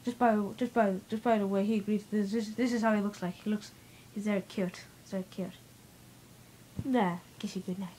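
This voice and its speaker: A woman's voice: mid-range voice, fairly even intonation, quick pace, hardly any pauses, dark tone, a little hiss or hum, low-quality recording. A young girl giving a playful home video tour, telling silly stories with mock-serious asides, recorded in a bedroom on a camera mic. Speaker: vlogger.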